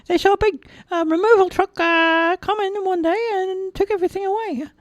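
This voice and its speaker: A man voicing a chatty, helpful little male mouse in a storybook reading, squeaking and hesitating with many uhs. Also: fairly even intonation, moderate pace, dry recording. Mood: eager.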